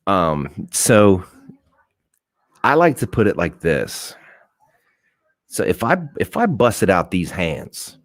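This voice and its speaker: A man's voice: deep voice, very animated, slow pace, pauses often, no echo, studio quality. A young man hosting a live show, telling a profane dating story with acted-out quotes. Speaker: host. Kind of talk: casual storytelling to a live audience.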